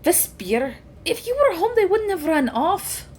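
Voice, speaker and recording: A woman doing a high-voiced cat-folk older sister in a tabletop game. She is protective and quick to scold, firing off sharp questions. Her pitch jumps well above the narrator's own. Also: big pitch swings, a little hiss or hum, heavily acted.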